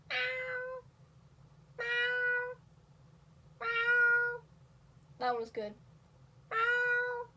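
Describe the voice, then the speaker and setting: A woman's voice: high voice, breathy edge, far from the mic. A young woman casually explaining how to make cat sounds, rambling with lots of fillers and small laughs at herself. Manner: rambling, filler-heavy, self-deprecating. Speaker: video creator teaching cat vocals. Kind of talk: casual tutorial talk.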